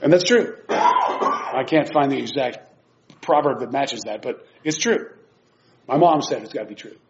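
Speaking from the pulpit, this preacher gives his Bible class an informal sermon, mixing scripture reading with chatty, self-deprecating talk, laughing at himself and restarting phrases. His mid-range voice is expressive and moves at normal speed. The dull lo-fi recording is very noisy.

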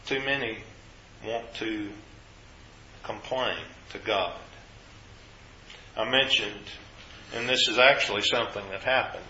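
Bright-voiced preacher in echoey hall. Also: male voice, slow pace, pauses often, lo-fi sound, slight background noise. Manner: earnest, explanatory, rises in pitch when quoting scripture. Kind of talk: sermon.

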